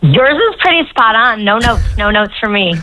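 A woman from Newfoundland with a Newfoundland accent, a dialect coach talking as a guest on a radio call-in show, chatty and quick to laugh. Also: mid-range voice, sharp tone, poor audio. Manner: chatty, laughs often, trails off and restarts. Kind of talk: radio interview.

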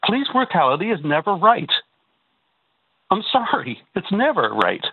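This Canadian man calls in to a radio talk show over a telephone, his voice coming through a tinny phone line. It sits high and husky with huge pitch swings at a normal speed, and there's no room sound. He talks emphatically, repeating words and throwing in rhetorical asides.

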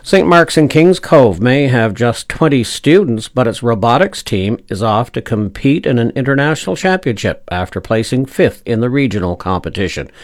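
A man reading a radio news bulletin and weather forecast in a measured, formal way from a radio studio. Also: mid-range voice, animated, no room sound. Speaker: newsreader.

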